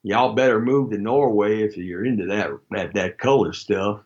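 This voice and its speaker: A man hosting a live talk show, rambling through a jokey monologue with sudden loud outbursts. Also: lowish voice, normal speed, hardly any pauses, lo-fi sound.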